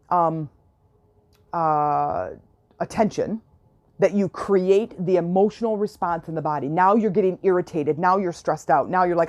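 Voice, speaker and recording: In a casual coaching monologue, a self-help podcast host speaks with a mid-range, darkish voice. She's chatty and earnest, going over her points again and frequently making sure the listener is keeping up.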